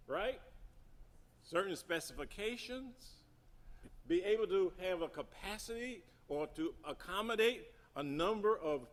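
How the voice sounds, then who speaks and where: A middle-aged man giving an emphatic teaching talk at a seminary gathering, repeating key points and asking the audience questions. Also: high voice. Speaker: speaker at a seminary symposium. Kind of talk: teaching talk on church projects.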